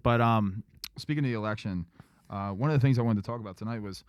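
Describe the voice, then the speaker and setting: A man's voice: on the low side, fast, clean tone, no room sound, clean studio sound. A man co-hosting a podcast, laid-back and blunt, tossing in wry asides during casual banter. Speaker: podcast co-host.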